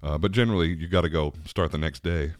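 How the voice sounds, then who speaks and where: A man's voice: low voice, fast, dry recording, studio quality. A man hosting a podcast in a rambling, casual monologue, laughing often as he talks. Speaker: podcast host.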